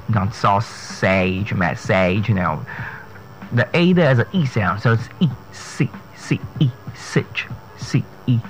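A man hosting a radio pronunciation lesson, spelling words out letter by letter and repeating each one slowly and carefully. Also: on the low side, fairly bright tone, a little hiss or hum, poor audio.

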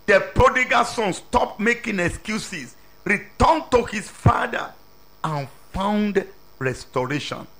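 Man preaching a sermon, slow and deliberate, pitch swings all over, non-native grammar. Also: expressive, a bit bright.

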